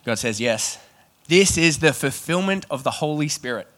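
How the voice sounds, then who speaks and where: A man preaching a sermon, reading scripture and then talking it through in a chatty, animated way with joking asides. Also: a little high, brisk.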